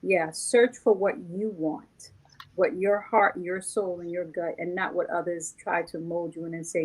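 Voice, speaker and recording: A woman speaking on a panel in a somewhat low voice. She gives advice in an emphatic, encouraging way, urging listeners on. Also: fairly even intonation, a little slow, husky, poor audio. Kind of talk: motivational panel talk.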